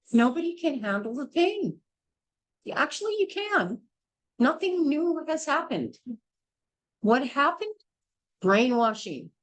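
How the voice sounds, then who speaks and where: An older woman, a midwife, gives a blunt and forceful childbirth class lecture, scolding and repeating herself. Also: on the high side, poor audio. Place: small indoor class.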